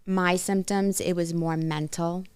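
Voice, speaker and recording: A woman's voice: on the low side, steady tone, measured pace, darkish tone, smooth. A woman in her forties, a podcast guest, speaking openly and earnestly about personal things. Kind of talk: candid casual conversation.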